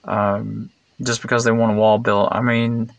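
Male vlogger, gravelly, dry close sound, rambling blunt monologue with fillers. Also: lowish voice, flat delivery, a little slow, no echo. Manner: meandering, digressive, many fillers and restarts; blunt and sarcastic.

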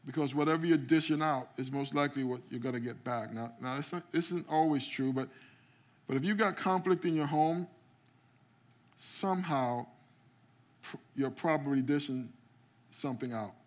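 A man's voice: mid-range voice, moderate pace. A man preaching a sermon as pastor, calling out to the congregation and often repeating words as he starts a phrase. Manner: preaching with call-outs to the congregation. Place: church sanctuary.

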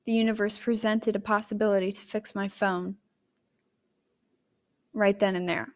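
A young adult woman hosting a podcast, chatty and candid, telling a personal story with emotive jumps in pitch and loudness. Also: flat delivery, moderate pace. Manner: chatty and candid, addressing listeners directly. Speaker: podcast host.

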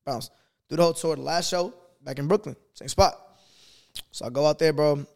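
A young man from Boston, guest on an interview, tells a story in loose street slang. His voice sits a bit high with a gravelly fry. He talks fast and keeps the story moving. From Boston, USA. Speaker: guest, singer and rapper. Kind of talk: casual storytelling.

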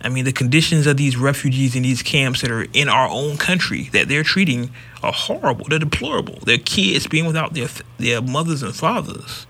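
Bright-voiced man ranting bluntly. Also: mid-range voice, expressive, fairly quick, hardly any pauses. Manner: emphatic, blunt and profane. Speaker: podcast host. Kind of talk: casual commentary.

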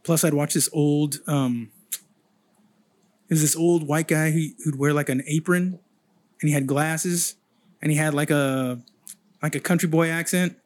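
A man's voice: a little high, fairly even intonation, a little slow, pauses often. A man chatting on a podcast as a guest artist, telling rambling, profane stories. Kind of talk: casual chat.

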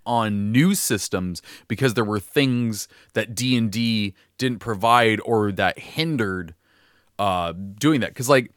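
A man's voice: lowish voice, slow, fairly bright tone, no echo, clean studio sound. A young man co-hosting a casual podcast chat about tabletop games, laughing often and restarting sentences. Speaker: podcast co-host.

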